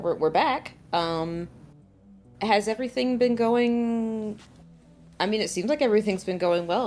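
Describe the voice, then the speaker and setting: A woman player speaking in character, halting and polite, often searching for words. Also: mid-range voice, a little mellow. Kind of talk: in-character tabletop play.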